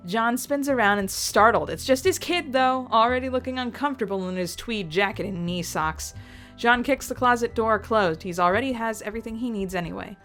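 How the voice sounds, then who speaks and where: A woman reading a story aloud and reacting to it in a chatty, expressive way. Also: on the high side, a little fast, soft background music. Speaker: reader reacting to fan fiction.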